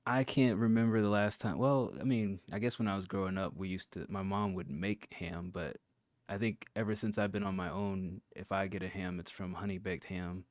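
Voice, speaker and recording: A man with a lower voice chatting on a podcast, dry and teasing in his questions. The sound is close and dead, with no room around it. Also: fairly even intonation, normal speed, no room sound. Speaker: podcast co-host. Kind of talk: casual chat.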